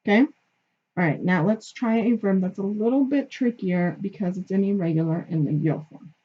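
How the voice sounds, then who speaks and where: A woman's voice: mid-range voice, moderate pace, warm tone, breathy edge. A woman teaching a grammar lesson, explaining patiently step by step and checking in with her listeners. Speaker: Spanish teacher. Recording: dull lo-fi recording.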